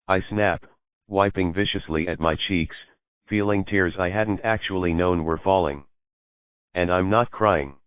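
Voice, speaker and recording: Male audiobook narrator, low and smooth, dry lo-fi phone-like sound. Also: moderate pace, dry recording. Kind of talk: scripted narration.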